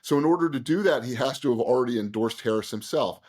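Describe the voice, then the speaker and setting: A man retelling a sequence of events as an interview guest, with an animated, conversational delivery. His pitch sits in an ordinary middle range, and his talk is full of fillers and quick restarts. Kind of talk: conversational storytelling.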